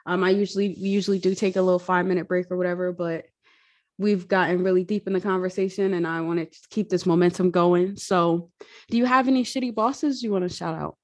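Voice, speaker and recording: A woman's voice: fairly low pitch, fairly even intonation, quick pace. A woman hosting a podcast in casual chat, blunt and joking, with some swearing. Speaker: podcast host.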